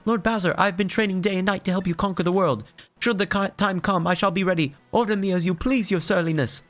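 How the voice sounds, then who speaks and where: An eager young soldier minion, voiced by a man in a high, squeaky tone. He speaks earnestly, keen to please his master, with quiet music behind. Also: steady tone, fast talker.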